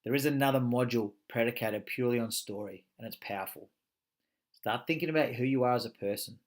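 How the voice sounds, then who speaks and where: A man's voice: medium pitch, fast. A man teaching a motivational coaching course, speaking emphatically, swearing freely and firing rhetorical questions.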